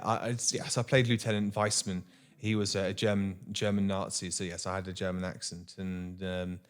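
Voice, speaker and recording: A young man, an actor being interviewed, speaking earnestly with many restarts and repeated words. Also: fairly low pitch. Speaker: actor guest. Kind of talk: casual interview chat.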